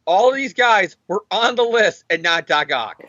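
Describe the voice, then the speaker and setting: A man co-hosting a casual comic book chat, excitedly acting out characters as he recaps the story. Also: sits high, a little slow, no room sound, muffled recording. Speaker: podcast co-host.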